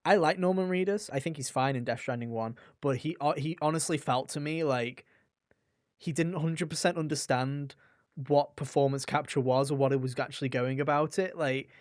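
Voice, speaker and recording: A man's voice: a little high, normal speed, no room sound, studio quality. A young man co-hosting a casual gaming podcast, enthusiastic and rambling, full of fillers and restarts. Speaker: podcast co-host.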